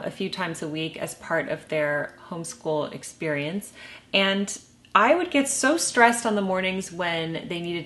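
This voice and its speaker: Middle-aged woman vlogging advice, calm and measured, bit of humor, lowish voice. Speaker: lifestyle vlogger. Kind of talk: casual advice talk to camera.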